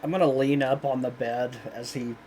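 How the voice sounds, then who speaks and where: A man's voice: mid-range voice, steady tone, moderate pace, darkish tone, a little hiss or hum. A man playing a tabletop game, talking in a casual, joking way. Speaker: player.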